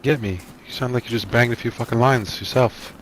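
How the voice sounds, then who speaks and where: A man playing a character in a roleplay game, talking in a gruff, blunt, swearing manner. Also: medium pitch, a little fast, slight background noise. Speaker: roleplay player.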